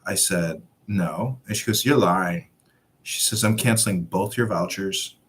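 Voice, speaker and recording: This man's voice is deep, unhurried and slightly rough. In casual conversation he relates a meandering travel anecdote, acting out others' lines in an animated way and joining in the laughter.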